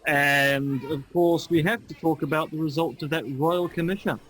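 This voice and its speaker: A man's voice: a little high, steady tone, moderate pace, a bit bright, a little hiss or hum, poor audio. A man co-hosting a podcast, chatting casually and making dry, wry quips. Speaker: podcast co-host. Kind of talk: casual chat.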